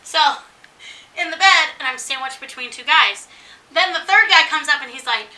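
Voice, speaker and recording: A woman's voice: high voice, normal speed, distant mic. A woman chatting casually and telling a long story, acting out what people said. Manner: animated storyteller acting out quotes. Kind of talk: casual chat. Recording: echoey room, voice off-mic.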